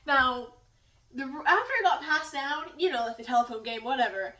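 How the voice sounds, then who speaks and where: Young woman, high voice, chatty and giggly, filming in her kitchen from a distance. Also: expressive, moderate pace, pushed and bright, roomy sound. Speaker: vlogger. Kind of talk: casual storytelling while cooking. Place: home kitchen.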